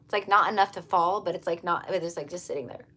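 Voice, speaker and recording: A woman's voice: lowish voice, fast, a bit bright, slight background noise. A woman giving a casual tarot reading, talking earnestly and repetitively to her viewers. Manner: earnest, repetitive, emphatic, addresses viewers as you guys. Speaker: tarot reader.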